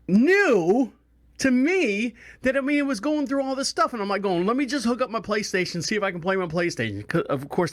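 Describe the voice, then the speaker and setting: A man hosting a podcast, telling a rambling story casually and acting out the people he quotes. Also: high voice. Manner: rambling, animated, acts out quoted voices. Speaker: podcast host.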